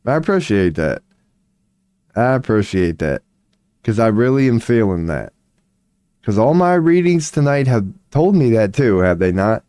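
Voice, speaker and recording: A man live-streaming tarot readings, chatting casually and reading chat aloud, his voice going hoarse as he keeps clearing his throat. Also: lowish voice, big pitch swings, unhurried, pauses often, dark tone, no echo. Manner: rambling, swears casually, laughs often, reads chat aloud.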